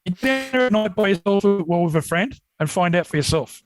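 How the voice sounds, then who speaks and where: Australian man, casual rambling yarns, slightly high voice, dry studio mic. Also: a little fast, no room sound, soft background music, poor audio. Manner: rambling, animated when retelling scares. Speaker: podcast guest, Yowie researcher. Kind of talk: casual storytelling.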